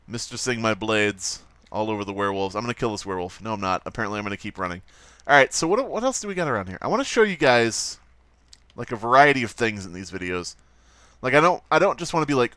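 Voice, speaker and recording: A male let's-play host rambles through casual gameplay commentary at an ordinary mid pitch. He swears freely and keeps a wry, offhand tone. The recording is dry, with no room echo. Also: a bit bright, clean tone.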